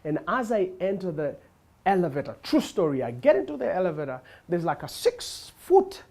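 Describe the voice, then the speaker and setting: A man doing stand-up comedy, telling a story in an animated way, with halting fillers and laughter in his voice. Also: sits high, gravelly. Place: comedy venue with a live audience. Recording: crowd laughter and noise.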